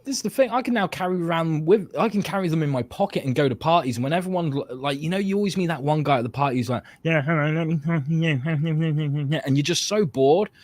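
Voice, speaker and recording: A man's voice: a little high, fast talker, hardly any pauses. A man who creates comic books, chatting on a livestream panel over a video call and telling jokes and stories. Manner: animated joking storyteller. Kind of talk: casual group chat on a livestream.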